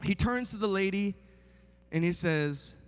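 Speaking a little slowly in a smooth, high-sitting voice with lively intonation, this thirty-something man is a guest preacher. His sermon is a string of funny stories told chattily and with self-mockery and many fillers, echoing with long reverb in a large sanctuary.

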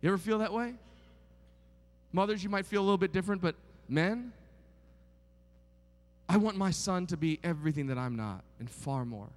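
High-voiced animated preacher man. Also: in a large hall. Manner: animated storytelling, swings from hushed to near-shouting; keeps asking the crowd "right?". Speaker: pastor. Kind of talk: sermon.

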